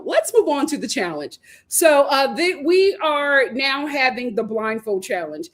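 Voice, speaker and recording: A woman's voice: high-pitched, big pitch swings, measured pace. A woman in her thirties, originally from Philadelphia, hosting a casual reality-show recap and talking straight to her viewers with plenty of laughter.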